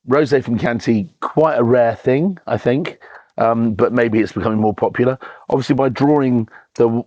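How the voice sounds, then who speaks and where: A man's voice: medium pitch, a little mellow, dry recording, lo-fi sound. A man hosts a casual wine tasting, talking enthusiastically with lots of ums and restarts. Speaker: wine reviewer and show host.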